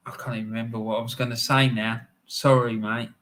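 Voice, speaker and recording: Bright-voiced man chatting football. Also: medium pitch, level tone, fast. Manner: chatty and rambling, laughs often, tells anecdotes. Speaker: live-stream football show host. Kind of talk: casual live-stream chat.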